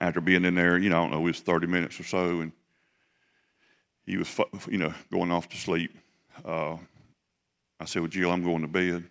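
A middle-aged man preaching, telling a personal story in a folksy, halting way with many restarts. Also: sits low, vocal fry, fairly bright tone. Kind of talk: sermon storytelling.

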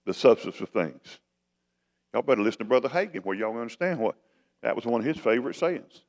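Folksy pastor preaching. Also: male voice, medium pitch, lively intonation, fairly quick, a little mellow. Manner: folksy, conversational preaching with questions to the congregation. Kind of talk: sermon.

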